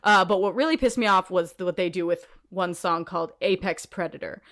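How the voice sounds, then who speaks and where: A woman co-hosting a podcast in casual chat, animated and ranty, swearing and laughing often. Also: fairly low pitch, fairly quick. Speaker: podcast co-host.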